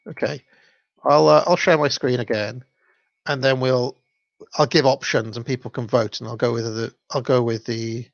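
A man's voice: medium pitch, gravelly, dry recording, lo-fi sound. A man hosting a livestream, reading children's stories aloud and commenting in a chatty, hesitant way with fillers and laughs. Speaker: channel host.

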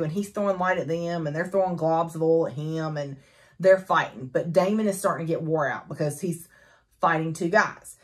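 For her book review, a woman with a low voice recaps a novel in a casual, animated chat packed with fillers and laughter.

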